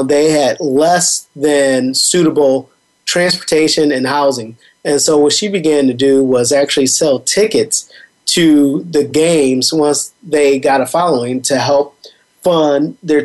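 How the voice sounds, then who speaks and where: A man's voice: a little high, unhurried, darkish tone. A man with a slightly raised voice hosts a sports radio talk show. He rambles along in a loose, conversational way, leaning on lots of little fillers.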